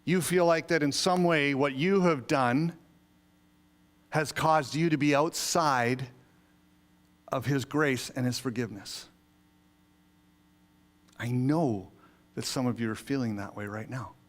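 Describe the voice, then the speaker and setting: A man, an associate pastor, preaching a sermon in a conversational yet emphatic way, with sudden swells of excitement. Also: medium pitch, takes it slowly, long pauses. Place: church sanctuary.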